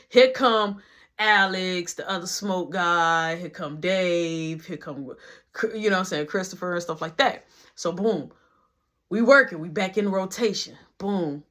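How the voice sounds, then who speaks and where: A young man casually telling a story about his workplace, animated and slangy, acting out every quote. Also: sits high.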